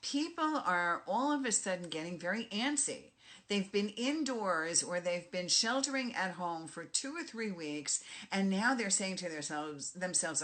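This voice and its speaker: Low-voiced emphatic New York woman. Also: animated, measured pace, fairly bright tone. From Bronx, New York. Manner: emphatic and direct, punches key phrases. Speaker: life coach. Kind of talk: motivational monologue.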